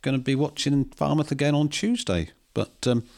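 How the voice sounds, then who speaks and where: A man co-hosting a casual local football chat, reading out fixtures in a measured, hesitant way with frequent ums. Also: fairly high pitch, gravelly, darkish tone. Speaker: co-host of a local football podcast.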